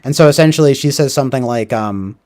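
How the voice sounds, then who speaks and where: A man hosts a casual livestream about movies in a mid-range, slightly mellow voice, talking fast. He rambles and swears, tagging his thoughts with "like" and "right?".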